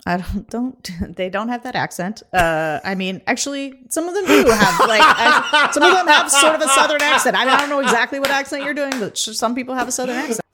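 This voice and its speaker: A woman co-hosting a podcast, talking fast and animated in casual conversation. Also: sits high, over a noisy crowd. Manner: fast, animated, laughing often. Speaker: podcast co-host.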